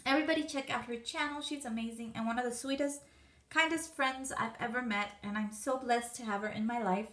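A woman vlogger unboxing a gift package, gushing and gasping with excitement. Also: fairly high pitch, a little fast.

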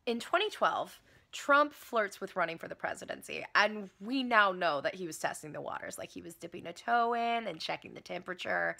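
Woman, satirical monologue performer, sharp bright voice, lively swings, profane and biting. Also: mid-range voice, creaky. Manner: sardonic and profane, with sudden shouts.

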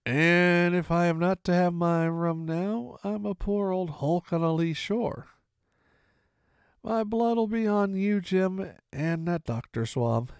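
A man voicing a sick, drunken old male sea captain who talks slowly in a gruff sailor's drawl for a storybook reading. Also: high-pitched, no room sound, studio quality. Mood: grumbling. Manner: slow, gruff sailor talk with heavy drawl. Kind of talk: audiobook reading.

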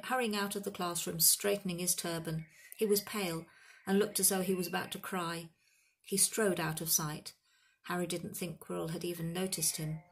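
Woman reading a storybook aloud, lowish voice. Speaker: audiobook reader. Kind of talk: storybook narration.

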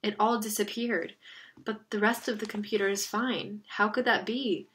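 A worried teenage boy in an audiobook, his voice cracking as he frets, as a woman narrator puts him on. He sounds desperate and close to hysteria, talking fast about what went wrong. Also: medium pitch, steady tone, fairly bright tone, close to an everyday voice. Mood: anxious. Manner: distraught, voice cracking. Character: anxious teenage boy on the phone, panicky.

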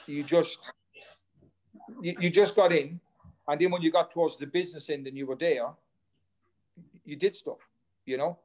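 A man with a slightly high voice rambles through old stories, cursing casually and tripping over his own restarts. He sounds easygoing, like he's swapping yarns between mates. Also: fairly even intonation, moderate pace, pauses often, darkish tone. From Ireland. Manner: rambling, anecdotal, swears casually, frequent restarts. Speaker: guest, former runner. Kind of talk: casual storytelling chat.

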